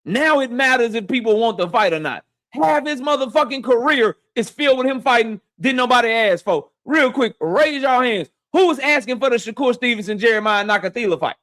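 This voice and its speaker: A high-pitched man, hosting a live boxing talk stream. He rants at his viewers in a heated, profane and mocking way. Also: expressive, fairly quick, hardly any pauses, a bit bright. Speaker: boxing talk show host.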